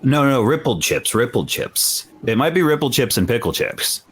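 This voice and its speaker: A man guest on a podcast, telling animated, self-deprecating stories in casual chat. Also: mid-range voice, normal speed, breathy edge.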